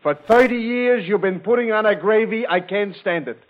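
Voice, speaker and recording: A man voicing a grumpy, deadpan long-married husband who grumbles flatly, on an old radio broadcast. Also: high-pitched, normal speed, phone-quality sound, lightly acted. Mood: grumbling.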